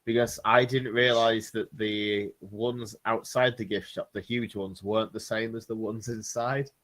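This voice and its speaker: A man's voice: lowish voice, steady tone, unhurried, a bit bright. A man talking as a player in a casual podcast chat, hesitant and stammering at the start of his sentences.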